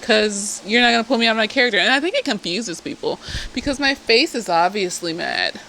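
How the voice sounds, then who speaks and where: A woman therapist reviewing a TV episode in casual chat. She is animated and blunt, swears freely and keeps drifting into asides. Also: on the high side, a little fast, slight background noise, rough recording. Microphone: self-filmed camera.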